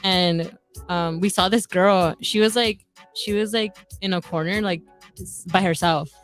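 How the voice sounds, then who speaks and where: A woman's voice: lowish voice, fairly even intonation, measured pace, soft background music. A young woman co-hosting a casual podcast, easygoing and slangy, laughing often as she tells stories. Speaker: podcast co-host.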